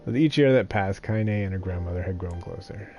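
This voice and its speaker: Low-voiced guy reading a novel live on stream, cracks jokes between lines, faint music behind. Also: brisk, warm tone, muffled recording. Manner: plain narration broken by laughing, joking comments. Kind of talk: live reading with casual asides.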